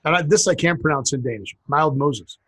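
A man's voice: a little high, expressive, brisk, a bit bright, slightly rough. A man co-hosting a casual comedy podcast, reading out funny sayings with a chuckle. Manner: reads out funny sayings, chuckling, jumps into silly put-on voices. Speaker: podcast co-host.

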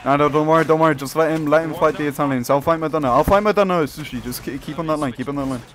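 A young man, the regiment leader, calling rapid, repeated orders over voice chat in an online game. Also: on the high side, a crowd in the background. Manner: rapid repeated commands, loud and urgent. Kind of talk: shouted voice commands in an online game.

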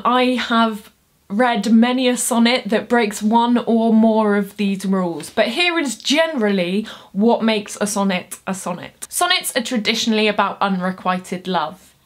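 A young woman, a poet explaining poetry in a chatty, nerdy way with self-deprecating asides. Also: a little high. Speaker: poet and booktuber. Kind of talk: casual explainer video.

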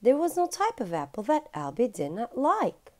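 A mother reading a children's storybook aloud in a sing-song, drawn-out way. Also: a little high, huge pitch swings, a little mellow. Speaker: mother reading to her son.

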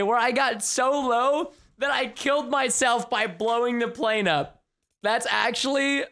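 A young man giving live gameplay commentary as a streamer, excitable and chatty, with bursts of yelling at the game. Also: very high-pitched, measured pace. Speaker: gaming livestreamer.

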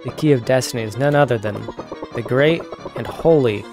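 Guy reading as a bragging old adventurer spinning big game tales, middle pitch. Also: brisk, music in the background, natural voice. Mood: grandiose. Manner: grandiose storytelling. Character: boastful older male adventurer telling tall tales.

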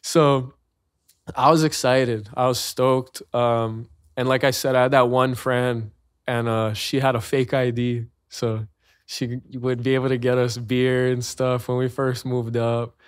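Laid-back Hawaiian man, smooth voice. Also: medium pitch, little pitch movement, unhurried, no echo, studio quality. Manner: laid-back, slangy, laughs often. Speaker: podcast guest. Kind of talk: casual chat.

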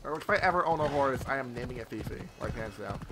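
A young man giving excitable, casual let's-play commentary, with loud outbursts and constant swearing. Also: mid-range voice, fast talker. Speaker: gameplay streamer.

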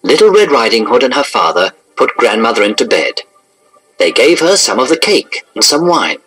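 A man reading a children's storybook aloud in an expressive, animated narration. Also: medium pitch, moderate pace, rough recording.

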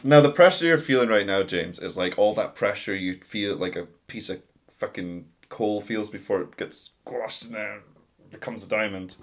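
A man's voice: lowish voice, moderate pace. A man co-hosting a casual movie podcast, playfully teasing his co-hosts. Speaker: podcast co-host. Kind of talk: casual chat.

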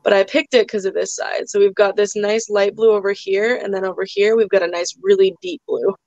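A woman's voice: mid-range voice, steady tone, brisk, a little mellow, dry recording, lo-fi sound. Chatty woman hosting a live sale. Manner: chatty, full of "like" and "um" fillers. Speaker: live auction seller. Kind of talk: casual live-stream sales chat.

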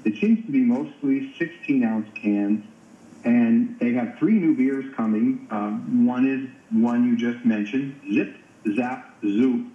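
A man's voice: medium pitch, slow, reverberant. Man calling in over a dull phone line. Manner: explanatory, repeats words while thinking. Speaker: beer news contributor. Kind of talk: casual radio chat.

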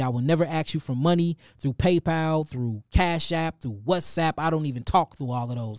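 Man, St. Louis accent, middle-aged, livestream host, animated, preachy, slightly high voice, dry sound. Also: dry recording. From St. Louis, Missouri. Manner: animated, preachy, calls listeners family. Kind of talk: casual livestream shout-outs.

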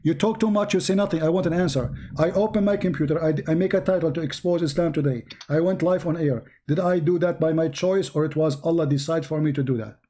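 A livestream debate host yells at a caller during a heated call-in debate, hoarse and clearly losing his voice. His voice is a little high and fast with few pauses, and he shouts combatively, repeating himself.

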